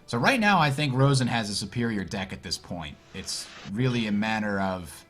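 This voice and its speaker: A man casting a card game tournament, thinking out loud and reacting with puzzled surprise. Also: on the low side, normal speed, soft background music. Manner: thinks aloud, puzzled and animated. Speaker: tournament commentator. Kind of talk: casual game commentary.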